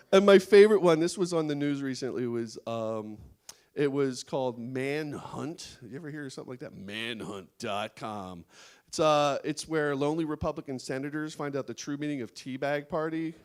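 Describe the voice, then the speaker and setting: A man's voice: mid-range voice, moderate pace, clear, resonant tone. A man doing a stand-up comedy set on a small studio stage before a live audience, laughing at his own jokes.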